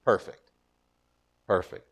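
A man preaching a sermon in an earnest way, often repeating words as he builds to a point. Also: slow pace. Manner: earnest, repeats words, rises in pitch and force when exhorting.

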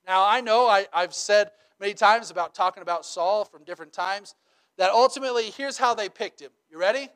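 This pastor speaks a bit quickly in a smooth, high voice. His preaching is informal and talky, featuring frequent "right?" check-ins and lively stories laced with humor.

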